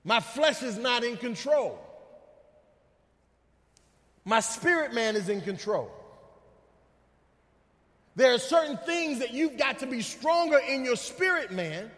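High-voiced preacher in a reverberant hall. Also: male voice, expressive, slow, pauses often, a bit bright. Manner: emphatic preaching with repetition and call-outs to the congregation. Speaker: pastor. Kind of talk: sermon. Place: church sanctuary. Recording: long reverb of a large hall.

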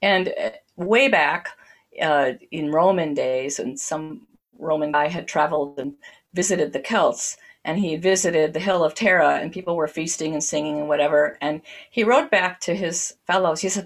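Unhurried woman, lower voice. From United States. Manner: unhurried, enthusiastic and storytelling. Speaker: speaker on Celtic spirituality. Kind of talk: reading lyrical prose, then casual talk.

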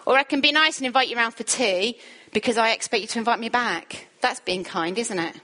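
A woman's voice: on the high side, fairly quick. Earnest woman preaching a sermon. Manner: earnest, builds to rising lists, drops soft for quoted words.

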